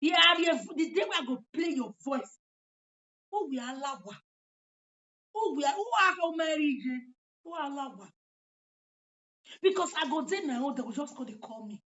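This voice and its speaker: A woman with a Nigerian accent talking in a casual monologue, animated and emphatic, repeating her points. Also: high-pitched, normal speed, long pauses. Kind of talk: casual monologue mixing Pidgin and local languages. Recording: dull lo-fi recording.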